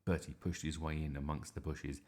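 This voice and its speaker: A man reading a children's story aloud in an expressive, animated way. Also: a bass voice, fairly quick.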